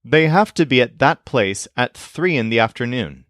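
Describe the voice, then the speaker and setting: A man teaching a language lesson, explaining grammar in a clear, scripted way and giving English sentences to translate. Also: mid-range voice, animated, fairly bright tone, no echo, studio quality. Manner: slow, clear explanatory delivery.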